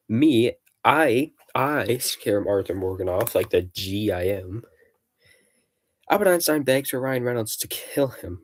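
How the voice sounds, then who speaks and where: Low-voiced guy kinda out of breath, rambling through game results on stream. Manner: rambling, offhand, jokey asides. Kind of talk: casual livestream chat, reading game events aloud.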